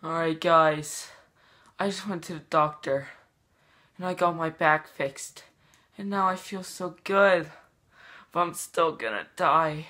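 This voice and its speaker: Bright-voiced deadpan vlogger. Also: medium pitch, slow, pauses often. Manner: deadpan, jokey, mock-dramatic. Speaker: YouTuber. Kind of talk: joking comedy vlog.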